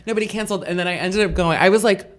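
A woman in her forties, a comedian guest on a podcast, telling funny stories in animated casual chat with swearing and laughs. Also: medium pitch, racing.

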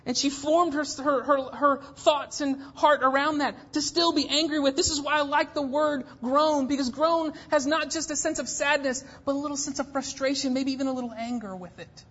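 A woman pastor in her thirties preaching a sermon, emphatic, swinging between hushed and intense passages. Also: high voice, steady tone, normal speed, few pauses. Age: 30s. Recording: dull lo-fi church recording.

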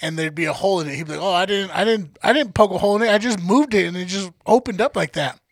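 Man, podcast co-host, casual profane storytelling, gravelly, dry sound. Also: sits high, quick pace, no room sound. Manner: profane, animated storyteller acting out quotes.

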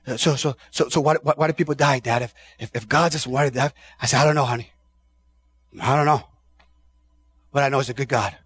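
Husky, impassioned male preacher. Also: mid-range voice, no room sound. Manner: impassioned, swings from shouting to hushed; repeats words and phrases. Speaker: pastor. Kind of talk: sermon.

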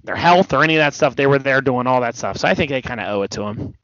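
A man's voice: medium pitch, expressive, quick pace, a bit bright, no echo. A man co-hosting a casual wrestling podcast, rambling and hesitant with many restarts, a bit tired. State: yawning, tired. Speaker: podcast co-host. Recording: dull dry podcast audio.

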